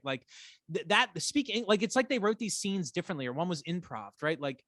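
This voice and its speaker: A man co-hosts a casual rewatch podcast, ranting energetically and swearing a lot. His voice is high and fairly quick, captured in a dry recording.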